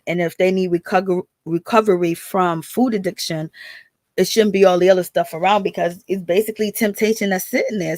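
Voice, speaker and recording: A woman's voice: medium pitch, no echo. A woman hosting a call-in channel, recapping a reality show in a chatty, casual way and talking straight to her viewers. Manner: chatty, with many fillers, speaks straight to viewers. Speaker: host of a call-in commentary channel.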